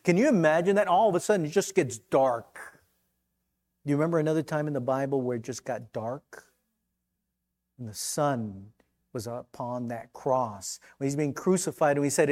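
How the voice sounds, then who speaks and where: Middle-aged pastor guy preaching, fairly high voice, gets loud then drops quiet, chatty and fired up. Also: normal speed. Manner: impassioned, conversational preaching with big swings in loudness. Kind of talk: sermon.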